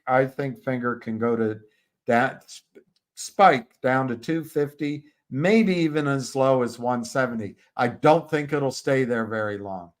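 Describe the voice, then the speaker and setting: Slow-talking man reading stock charts. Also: mid-range voice. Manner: halting, restarts mid-phrase, talks to viewers by name. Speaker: live stream host. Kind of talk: casual stock chart commentary.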